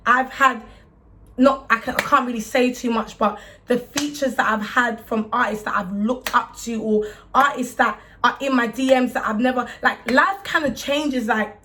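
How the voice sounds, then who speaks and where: A woman's voice: a little high, a bit bright, slight background noise. A young woman who talks candidly to camera about her music career, rambling with many restarts and fillers. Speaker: music artist talking to camera. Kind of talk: candid casual talk to camera. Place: indoors, warm room.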